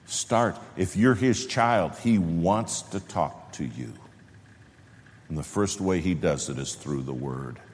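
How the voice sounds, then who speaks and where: A man preaching a sermon, telling a story with lively acted-out dialogue and dropping to a slow, hushed voice to make a point. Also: sits low. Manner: animated storyteller who acts out both sides of a conversation; drops to a slow, hushed voice for emphasis. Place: church sanctuary. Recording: long reverb of a large hall.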